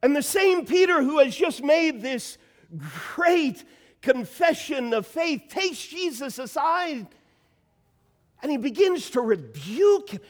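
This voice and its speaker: A man's voice: extremely high pitch, expressive, takes it slowly. A man preaching a sermon, reading Scripture and building to emphatic, rising bursts. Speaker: pastor.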